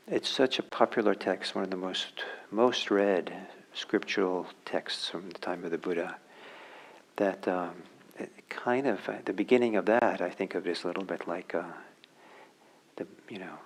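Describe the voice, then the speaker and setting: A man giving a dharma talk as a meditation teacher. He speaks reflectively and haltingly, with many fillers and restarts, and drops to a soft near-whisper on key words. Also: low-pitched, rough recording. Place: meditation center hall.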